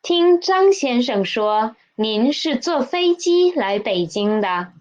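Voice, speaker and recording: A patient language teacher, a woman, speaks slowly in a fairly high voice. She repeats key phrases and keeps checking that learners follow. The recording sounds dull and lo-fi. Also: very animated. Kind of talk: slow explanatory lesson.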